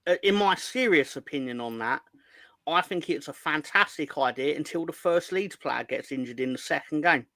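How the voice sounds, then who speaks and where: Brief: man with a bright, sharp voice and deadpan sarcasm, recorded dry. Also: on the high side, moderate pace, no echo. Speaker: regular pundit on a fan show. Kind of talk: casual banter.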